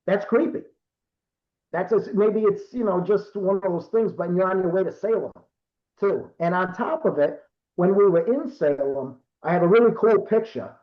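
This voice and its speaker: A man's voice: high voice, normal speed. A man in his fifties from Rhode Island, telling stories as a guest in a casual, rambling way with lots of fillers and self-corrections. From Rhode Island, USA. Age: 50s. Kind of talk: casual storytelling. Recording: roomy, dull lo-fi call audio.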